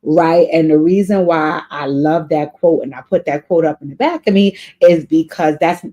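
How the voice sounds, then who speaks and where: A woman's voice: low voice, normal speed, mellow, highs cut off. An earnest woman hosts an advice show, answering a viewer's letter in casual spoken counsel. She talks in an encouraging, faith-minded way and repeats her key points for emphasis. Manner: spiritual advice. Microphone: off camera, voice only.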